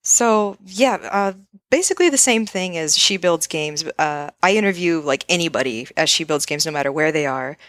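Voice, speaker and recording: A woman guest on a podcast, talking casually with a relaxed, friendly manner and many fillers. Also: deep voice, normal speed, dry recording, studio quality. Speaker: podcast guest, game developer. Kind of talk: casual interview chat.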